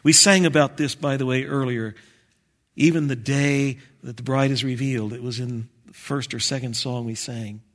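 A man preaching a sermon, swinging between loud exclamations and quiet, intense asides. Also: mid-range voice, steady tone, moderate pace. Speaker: pastor. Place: church sanctuary.

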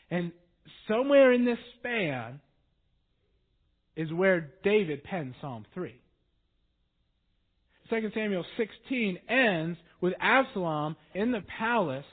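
Male preacher, high voice, casual storytelling sermon, phone-quality audio. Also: measured pace, husky. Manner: conversational storytelling, lively. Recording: tinny phone-like sound.

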